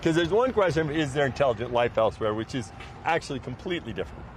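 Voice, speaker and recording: A talkative man from New Orleans chatting on a podcast, his voice at an ordinary middle pitch. He explains his ideas at length, and clear background noise sits behind him. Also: lively intonation, quick pace. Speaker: podcast guest. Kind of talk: casual chat.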